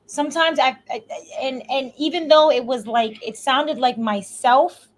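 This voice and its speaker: Brief: reflective woman co-host, a bit high-pitched, heartfelt and halting. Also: low-quality recording. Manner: heartfelt, reflective, hesitant starts. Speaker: podcast co-host. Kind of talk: casual faith podcast chat.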